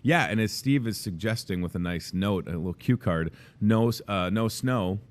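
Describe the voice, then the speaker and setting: A man in his thirties with a low voice hosts a casual show from inside a grocery store café. He rambles and jokes in a loose, self-deprecating way. His talk is easy and chatty. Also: normal speed. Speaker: host. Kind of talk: casual chat.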